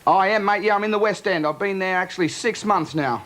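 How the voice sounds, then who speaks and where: Fast, chatty Australian larrikin. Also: male voice, high voice, a bit bright. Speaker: comedian guest on live cross.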